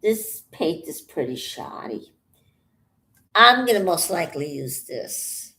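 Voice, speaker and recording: A woman vlogging casually as she paints, out of breath and rambling with many pauses, thinking aloud. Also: fairly low pitch, sing-song, sharp tone. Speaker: channel host. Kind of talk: casual vlog while painting.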